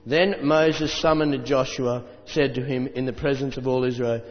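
A man preaching a sermon, chatting to the congregation with asides and reading scripture aloud, slowing down for emphasis. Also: mid-range voice, steady tone, a little hiss or hum. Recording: dull sound with long reverb in a hall.

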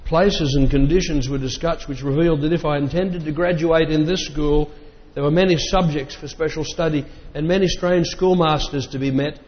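Male reader, measured delivery with casual asides; fairly high voice, long hall reverb. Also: steady tone. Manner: measured reading voice, breaks off for plain remarks. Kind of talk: reading a memoir aloud with spoken asides. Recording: dull lo-fi sound with long reverb.

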